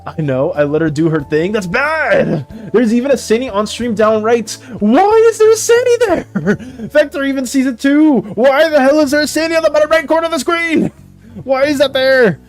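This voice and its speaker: A man chatting casually on an art live stream, excitable and dramatic, laughing often. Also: extremely high pitch, moderate pace, faint music behind. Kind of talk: casual live-stream chat while drawing.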